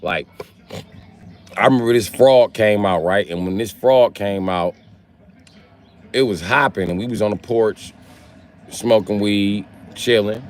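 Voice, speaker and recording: Animated profane man telling wild stories. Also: unhurried, pauses often. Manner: animated, profane, acts out voices, jumps high in pitch. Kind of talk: profane stand-up storytelling.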